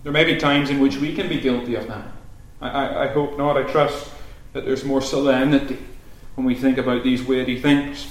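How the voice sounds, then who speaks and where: A man's voice: mid-range voice, fairly even intonation, normal speed. Earnest preacher man in a very echoey room. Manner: earnest, builds to loud urgent calls. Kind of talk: sermon.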